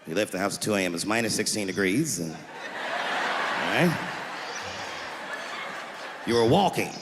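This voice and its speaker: A man voicing a weary middle-aged police officer who asks slow, patient questions. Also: on the low side, sing-song, very noisy, voice pushed down. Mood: dryly patient. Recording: echoey hall with loud crowd.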